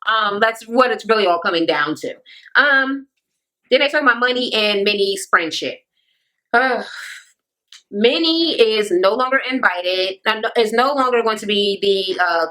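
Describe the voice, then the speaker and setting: Bright, profane woman ranting a TV recap. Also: medium pitch, a little slow, low-quality recording. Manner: blunt, sassy and heavily profane; sarcastic asides to the viewer. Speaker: reality TV recap vlogger.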